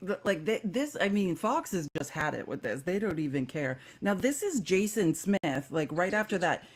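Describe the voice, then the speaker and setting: A woman co-hosting a casual political commentary show, animated and quick with asides. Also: on the low side. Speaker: co-host.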